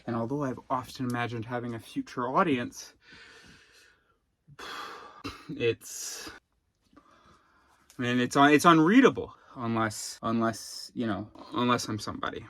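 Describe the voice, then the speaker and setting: A man's voice: mid-range voice, a little slow, pauses often, a bit bright, no echo. A man thinking aloud in a rambling personal vlog, often restarting his sentences and wandering into asides. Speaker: vlogger.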